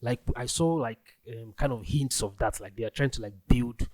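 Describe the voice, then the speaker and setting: A young Nigerian-accented man hosts a casual solo podcast, rambling loosely through his thoughts with lots of restarts, filler words and "like." His voice is medium-pitched, a little mellow, and at a normal speed, captured in a dry recording.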